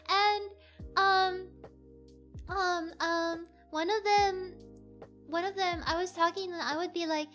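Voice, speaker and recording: Very high bright young woman streamer. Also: steady tone, slow pace, pauses often, soft background music. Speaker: VTuber streamer. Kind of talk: casual chat stream.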